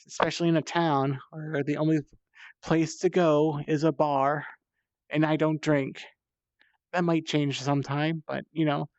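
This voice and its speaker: A slightly high-voiced man rambles as he climbs in VR, tired and thirsty, chatty and self-deprecating. His headset mic sounds dry and dead, with a dull, lo-fi tone. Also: flat delivery, unhurried, dry recording. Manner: chatty and self-deprecating, swears when strained. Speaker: VR streamer. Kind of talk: casual rambling while playing.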